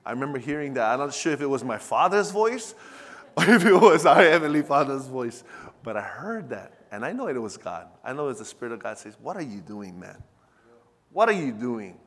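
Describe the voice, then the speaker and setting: A man's voice: medium pitch, very animated, fairly quick. Man preaching in a reverberant hall. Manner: call-and-response preaching, swings from hushed to loud. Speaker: pastor. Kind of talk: sermon.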